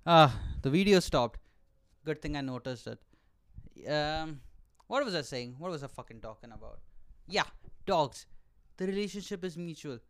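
Profane ranting man with a smooth voice. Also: on the high side, lively intonation, moderate pace, long pauses. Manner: profane, exaggerated ranting with frequent "all right?" asides. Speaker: podcast host and aspiring stand-up comedian. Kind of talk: comic monologue rant.

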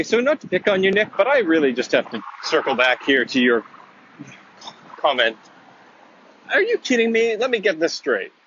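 A man rants in casual chat with lively, swooping pitch and a husky edge. He sounds incredulous, and the recording is dull and lo-fi. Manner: incredulous, animated ranting. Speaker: panelist.

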